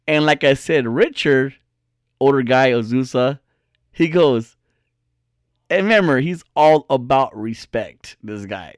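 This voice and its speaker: Animated, laughing man telling a story. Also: medium pitch, a little slow, no echo, studio quality. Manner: animated, laughs often, swears freely. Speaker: storyteller talking to viewers. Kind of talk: casual storytelling.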